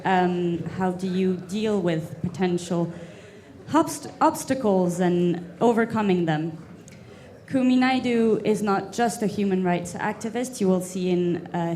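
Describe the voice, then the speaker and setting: Mellow-voiced woman introducing a speaker. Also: mid-range voice. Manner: conversational, with some fillers. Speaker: event moderator. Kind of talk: conference introduction.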